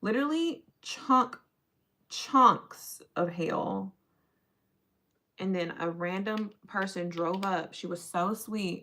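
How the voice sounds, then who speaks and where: A woman's voice: mid-range voice, slow pace, sharp tone. A young adult woman chatting casually with viewers on a livestream while doing her makeup.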